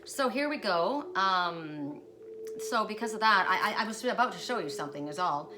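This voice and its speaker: In a noisy home recording, a woman does a casual oracle card reading, chatting in a rambling way with many restarts. Her voice is mid-range with lively intonation at a normal speed.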